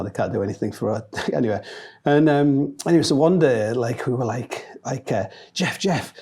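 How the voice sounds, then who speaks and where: A man's voice: mid-range voice, warm tone, husky. A man from England telling a casual, rambling anecdote full of fillers and restarts. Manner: rambling, many fillers and restarts, laughs often. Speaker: storyteller.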